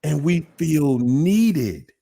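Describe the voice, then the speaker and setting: A man hosts a live Q&A talk in a slightly raised, mellow voice that jumps around in pitch, sing-song and very slow with vocal fry. He speaks emphatically, calls out to listeners, and acts out other people's words in different voices.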